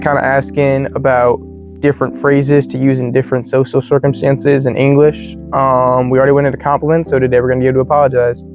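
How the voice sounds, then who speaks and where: An American man teaching English in a relaxed, slangy way, full of "you know" and "like". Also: medium pitch. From United States. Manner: laid-back, slangy, many fillers like "you know" and "like". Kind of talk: casual explanatory lesson. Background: faint guitar music.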